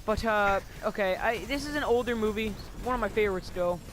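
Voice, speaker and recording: A man's voice: high voice, fairly quick, fairly bright tone, a little hiss or hum. A teenage boy telling a rambling school story in casual chat, giggly and casually swearing. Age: teens.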